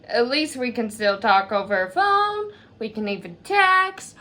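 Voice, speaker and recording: A woman playing a bubbly teen best friend, high and sing-song, calmly coaching her friend through a worry. She talks in a slow, bright, reassuring way.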